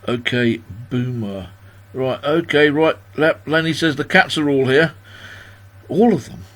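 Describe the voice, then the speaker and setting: Older man hosting a home livestream party, medium pitch, rambling and self-deprecating, reads out viewer comments. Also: a little slow, fairly bright tone. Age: 60s. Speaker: host of a livestream birthday party. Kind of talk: casual chat.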